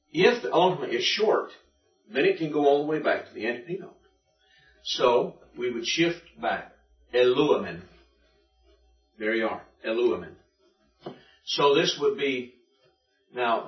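Male teacher, patient drilling lecture, recorded from the back of an echoey room, muffled lo-fi sound. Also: mid-range voice. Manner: patient, methodical, repeats and drills. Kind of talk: classroom lecture. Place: classroom. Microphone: room recording from a distance. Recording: distant echoey classroom recording, dull lo-fi.

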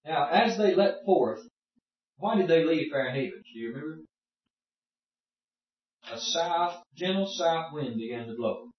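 In a muffled recording from a heavily echoing room, a man stands well back from the microphone teaching a casual Bible class. His voice is slightly high and lively, unhurried with frequent pauses, as he explains folksily and puts questions to the class.

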